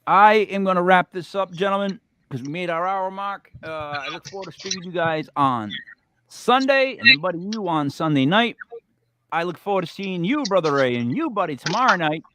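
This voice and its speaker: A man's voice: high voice, normal speed, noisy background. A man hosting a casual fantasy football podcast, telling stories and ranting with swearing. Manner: animated, swears when ranting. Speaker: podcast host. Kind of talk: casual sports podcast chat.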